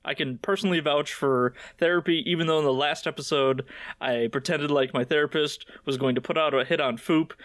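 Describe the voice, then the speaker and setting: A man's voice: medium pitch, a bit bright, no echo, clean studio sound. A man hosting a casual recap podcast, joking, swearing and laughing often as he acts out scenes. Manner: profane, joking. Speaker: podcast host.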